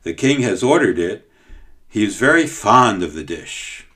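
A man's voice: fairly low pitch, big pitch swings, a little slow, bright, forceful tone, full character voice. A man voicing a fat, anxious royal cook who talks eagerly and pleads in a raised voice.

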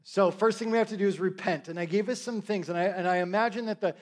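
A man's voice: high voice, fast. A middle-aged male preacher giving a conversational sermon, with joking asides and frequent check-ins with his listeners.

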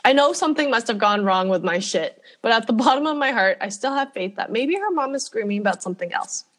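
A woman co-hosting a casual podcast, reading a listener's story aloud with lively delivery and frequent laughter. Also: on the high side, fast talker. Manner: animated storytelling, laughs often. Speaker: podcast co-host.

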